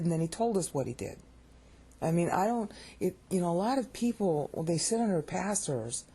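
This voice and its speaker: Mellow, husky woman teaching Bible grammar. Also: fairly low pitch. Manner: explains grammar step by step, repeating key words for emphasis; informal and digressive, with frequent restarts and asides. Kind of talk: recorded Bible study lecture.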